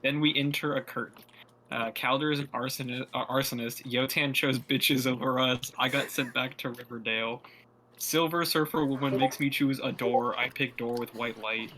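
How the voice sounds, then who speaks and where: Deadpan man reading clipped recaps. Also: mid-range voice, moderate pace, slight background noise. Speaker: player. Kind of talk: casual recap of a tabletop game.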